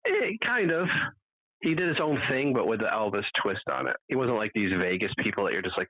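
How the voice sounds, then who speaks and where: A man co-hosting a casual podcast, telling profane stories and loudly mimicking other people's voices. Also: lowish voice, expressive, a little fast, no echo, highs cut off. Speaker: podcast co-host. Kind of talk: casual chat.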